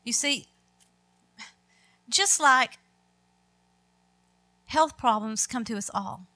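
A woman's voice: fairly high pitch, drawn-out words, bright, forceful tone. A middle-aged woman preaching a sermon, emphatic and quoting scripture with rising force.

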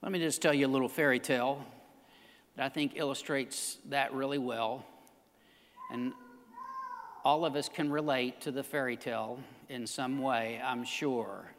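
A man preaching a sermon as pastor, emphatic and building to shouts. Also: medium pitch, steady tone, moderate pace, long reverb tail.

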